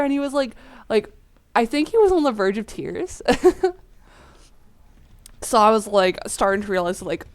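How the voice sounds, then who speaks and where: A woman's voice: mid-range voice, measured pace, pauses often. A woman telling a childhood story in a rambling, casual way while playing a game, with many fillers. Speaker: gaming channel host.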